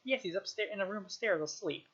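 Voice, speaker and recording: A woman's voice: mid-range voice, fast, fairly bright tone, highs cut off, natural voice. A woman playing a stiffly formal ghost king. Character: dignified ghost of a dead male king.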